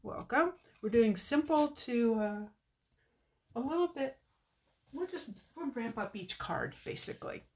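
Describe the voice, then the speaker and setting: A woman's voice: on the high side, animated, measured pace, breathy edge. A middle-aged woman chatting with viewers while demonstrating card making on a live stream, with muttered asides to herself.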